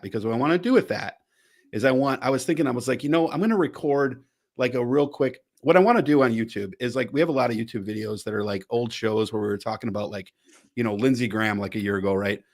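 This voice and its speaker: A male podcast host in loose, casual chat, his voice sitting at an ordinary middle pitch. He rambles and restarts his sentences, tossing in a curse here and there. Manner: rambling, with frequent restarts and swearing.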